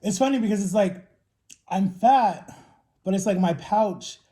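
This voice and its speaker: A man's voice: high-pitched, unhurried, mellow. A man in his thirties chatting casually to the camera while he eats, telling long rambling stories about his own life. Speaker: vlogger.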